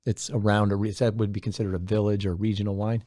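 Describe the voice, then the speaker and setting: A middle-aged man explaining wine in a measured, step-by-step casual talk. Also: on the low side, level tone, dark tone, no room sound, clean studio sound. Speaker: wine expert co-host.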